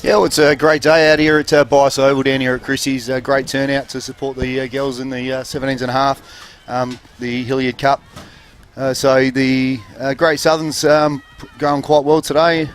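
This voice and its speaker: Aussie bloke calling a country footy match, pretty monotone, bit of outdoor noise behind. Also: male voice, mid-range voice. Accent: Australian. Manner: relaxed, halting, many fillers. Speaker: local football commentator. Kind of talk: casual sports commentary. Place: commentary box at an outdoor oval.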